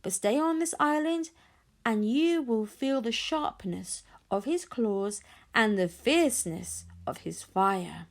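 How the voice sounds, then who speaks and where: A woman's voice: fairly high pitch, animated, slow. A woman voicing a small, boastful female dragon who taunts and mocks her enemy in a storybook reading. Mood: grandly mocking. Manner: sneering, mocking, grandly insulting.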